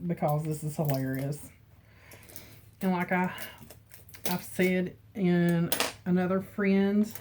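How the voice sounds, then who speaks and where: A middle-aged woman chatting casually on camera from her home, emotional and quick to laugh. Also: lowish voice, warm tone, a little hiss or hum. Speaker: beauty vlogger. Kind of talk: casual chat. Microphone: camera mic with ring light.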